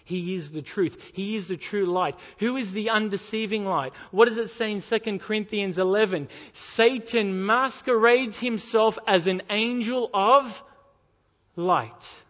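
High-voiced man preaching in a hall. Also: moderate pace, lo-fi sound. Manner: expository preaching, rhetorical questions, reading scripture aloud. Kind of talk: sermon.

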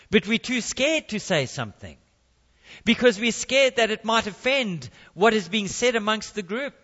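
A man's voice: sits high, sharp tone, big-room sound, muffled recording. A man preaching a sermon in a conversational way, with jokey asides.

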